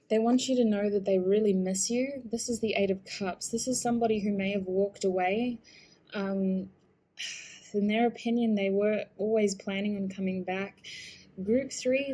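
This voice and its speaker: A woman reads tarot cards for her viewers in a soft, earnest voice. She talks at a middling pitch for a woman. She hesitates and restarts often, with small sighs between thoughts, and sounds emotionally invested in what she passes on. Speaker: tarot reader. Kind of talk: intuitive tarot reading.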